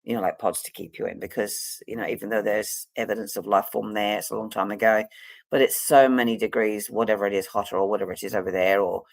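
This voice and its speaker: A woman's voice: rumbling low, fairly even intonation, fast, dry recording. A middle-aged woman, a psychic and counselor, talking in a rambling, casual vlog chat full of fillers and restarts.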